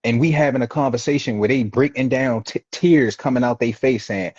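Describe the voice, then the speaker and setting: A man's voice: medium pitch, a little fast, hardly any pauses, darkish tone, breathy edge, no room sound. A man from Baltimore, an interview guest, earnestly telling life stories in slangy casual talk. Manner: earnest, slangy, acts out quoted people. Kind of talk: reflective storytelling in casual chat. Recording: dull lo-fi dry recording.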